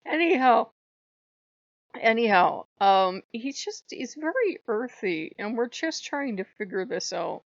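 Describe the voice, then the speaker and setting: A woman's voice: on the high side, very animated, unhurried, no room sound, muffled recording. A woman vlogging casually about her spiritual practice, rambling and irreverent, laughing often. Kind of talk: casual monologue to camera.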